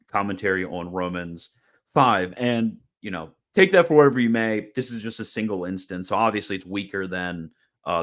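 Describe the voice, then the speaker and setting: A man's voice: low-pitched, a bit bright. A man hosting a casual explanatory video lecture, chatty and informal, often repeating words and restarting phrases, with a wry, mildly sarcastic edge. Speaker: host of a theology video channel.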